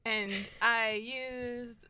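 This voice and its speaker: Woman player, bright and sharp, a bit high, chatty. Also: flat delivery, extremely slow, smooth, no room sound. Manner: playful, chatty. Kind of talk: tabletop role-play chat.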